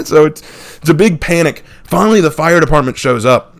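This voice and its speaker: A man's voice: fairly high pitch, a bit bright, smooth. A man from the United States telling a funny childhood story on his channel and laughing often. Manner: acts out people in the story with quick impressions. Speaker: channel host. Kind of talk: casual storytelling.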